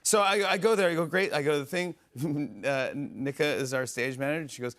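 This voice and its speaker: A man in his forties hosting a talk show, telling an excited, rambling story full of fillers and quick impressions. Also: on the high side. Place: television studio.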